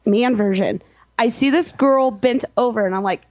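A woman telling a story in casual chat, blunt and quick to swear. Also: a little high, a little mellow, dry recording.

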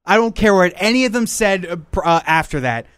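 Chatty male podcast host with a smooth, dry voice. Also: high-pitched, expressive, brisk, a bit bright, dry recording. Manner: chatty, rambling with restarts. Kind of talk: casual wrestling podcast chat.

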